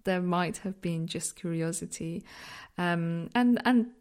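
A Polish woman in her thirties hosts a reflective solo podcast, her accent a blend of Polish and British. She talks at an unhurried, slow pace in a fairly low voice. She is candid and self-deprecating and laughs at herself often. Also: darkish tone, clean tone. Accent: mixed Polish-British. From Poland. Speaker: podcast host.

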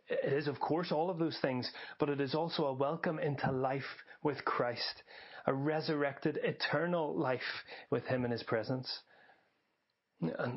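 A man preaching a sermon for a podcast in an earnest, measured way, slowing down to stress key phrases. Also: fairly high pitch, slightly rough, lo-fi sound.

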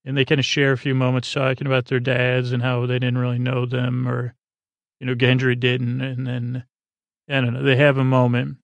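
A man in a dry, close-sounding room talks through an episode recap, stopping and starting as he reads from his notes. His voice is gravelly, and his pitch stays level and even. He fills the gaps with plenty of hesitation sounds. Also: dry recording. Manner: halting, loose, full of filler sounds while paraphrasing scenes. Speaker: podcast host recapping a TV episode. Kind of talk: casual episode recap read from handwritten notes.

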